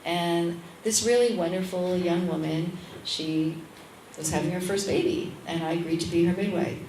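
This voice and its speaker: A woman midwife speaking as an interview guest, telling a lively anecdote and acting out the voices of the people in it. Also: lowish voice, moderate pace, reverberant, recorded from a distance, slight background noise, poor audio. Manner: animated, acts out the voices in her stories. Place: restaurant at a lunchtime public talk.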